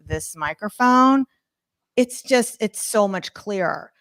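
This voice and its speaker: A woman's voice: mid-range voice, expressive, slow pace, a bit bright, dry recording. A woman leading a live online class, talking casually with jokey asides about her studio microphone setup at home. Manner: chatty, informal, jokey asides. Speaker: online art course instructor.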